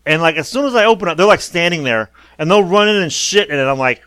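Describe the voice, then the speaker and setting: A man's voice: a little high, quick pace, smooth, no room sound. A middle-aged man telling stories in casual, profane podcast chat. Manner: profane, animated storyteller. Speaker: podcast co-host.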